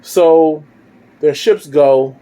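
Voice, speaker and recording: A man's voice: a little high, extremely slow, warm tone. A man casually telling his own fan story, rambling as he goes. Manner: rambling, with fillers and restarts.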